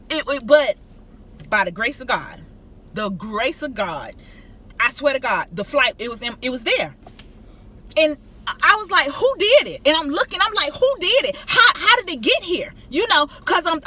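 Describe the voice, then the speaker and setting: A middle-aged woman tells a travel story to her viewers in a casual, emphatic, animated way. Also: sits high. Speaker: vlogger.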